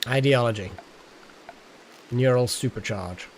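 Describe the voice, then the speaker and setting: A man's voice: medium pitch, a little slow, a little hiss or hum. A man streaming a game live, chatting casually and thinking aloud as he plays. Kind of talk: casual live gameplay commentary.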